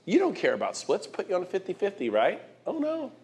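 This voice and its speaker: A man's voice: high-pitched, wildly swooping pitch, fairly quick, a little mellow. A middle-aged man giving a motivational speech, hitting the crowd with emphatic rhetorical questions and often repeating and restarting words. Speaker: guest speaker.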